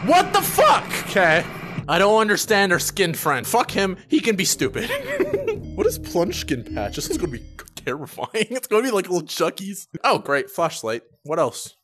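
A young man giving gaming commentary, loud and profane, with sudden yelps and laughs. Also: high voice, sing-song, normal speed. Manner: loud, swearing, erratic bursts and laughs. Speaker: gaming YouTuber. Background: game music.

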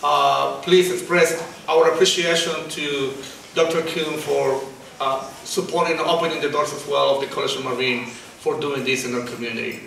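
A man's voice: fairly high pitch, flat delivery, normal speed, creaky, few pauses, a bit bright, a little hiss or hum. A man organizing the event, closing with gracious, repeated thanks to the guests. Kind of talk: formal closing remarks. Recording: echoey room, distant mic.

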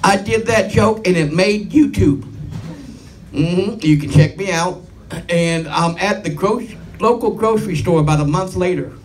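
Raspy-free stand-up man, distant mic. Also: high-pitched, measured pace, slight background noise. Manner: rambling deadpan delivery with filler asides. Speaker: stand-up comedian. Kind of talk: stand-up comedy set.

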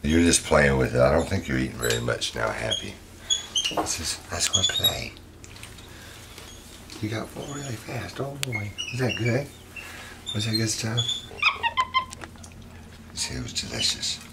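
A deep-voiced man chats casually to his pet, doting and coaxing. His talk has a fond, fussing quality throughout. Clear background noise runs under the recording. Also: normal speed, pauses often. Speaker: pet monkey owner and channel host.

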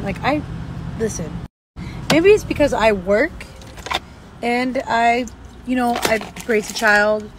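A woman's voice: a little high, slow, long pauses, music in the background, low-quality recording. A young woman and mother talking casually to camera in a vlog, chatty and worn out as she vents about her day. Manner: chatty, tired, venting. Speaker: vlogger and mother. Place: at the gym, faint ambient noise.

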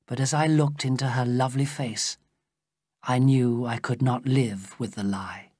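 Slow story narration for english learners, husky voice, lively up and down, dry close sound. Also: mid-range voice, no echo.

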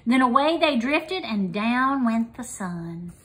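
A woman reading a children's picture book aloud as storyteller, in an expressive sing-song way. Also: on the high side, takes it slowly.

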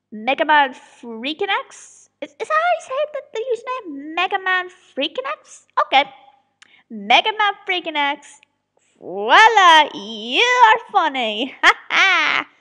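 A woman's voice: high-pitched, very animated, a little slow, bright, forceful tone. A woman recording her own audio drama, chatting to herself through blooper outtakes in a self-mocking way, sighing often. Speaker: writer and voice actor of an audio drama.

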